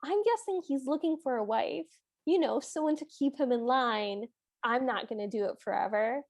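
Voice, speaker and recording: Woman doing a talkative male raven, offhand, high and dry. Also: normal speed, dry recording. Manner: casual, offhand. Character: chatty male talking raven spirit-brother.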